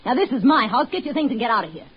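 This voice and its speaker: An actress playing a cruel, scheming wife in a 1940s radio horror drama, taunting and shrill. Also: female voice, sing-song, very fast, breathy edge, heavily acted. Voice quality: taunting, shrill when frightened. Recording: muffled 1940s radio broadcast with faint hiss.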